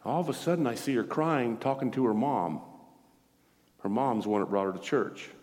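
A man's voice: medium pitch, expressive, normal speed, a little mellow, big-room sound. A man preaching a sermon as pastor, telling a story animatedly, acting out the dialogue and laughing often. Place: church.

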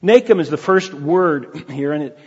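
Halting, earnest male preacher, a bit husky and higher-pitched, heard in a hall. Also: lively intonation. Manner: earnest, halting, with many restarts. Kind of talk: sermon. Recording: dull lo-fi sound in a reverberant hall.

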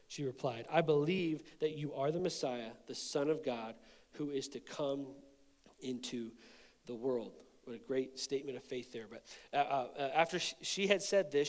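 A man's voice: a little high, in a large hall. A man preaching a sermon, reading scripture aloud and commenting on it in a casual, conversational way. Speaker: pastor.

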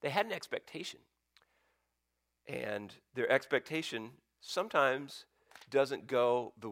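A male pastor preaching a sermon as a story, swinging between loud bursts and near-whispers. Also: mid-range voice, dry recording, studio quality.

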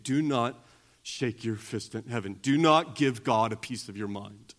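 A male pastor preaching a sermon, moving between quiet teaching and loud, emphatic preaching. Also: medium pitch, a little slow.

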